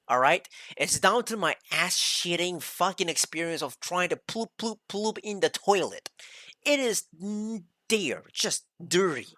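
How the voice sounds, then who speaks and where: A man's voice: fairly high pitch, bright, forceful tone, no room sound, clean studio sound. A man streaming, giving a heated, rambling rant full of swearing while reacting to a video. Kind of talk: ranting reaction commentary.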